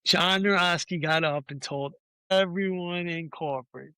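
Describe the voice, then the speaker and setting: A man's voice: high voice, measured pace, pushed and bright, clear, resonant tone, no echo. A man in his forties, a podcast guest, telling a long anecdote in casual talk, swearing freely and acting out what other people said. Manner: swears freely, acts out quoted voices.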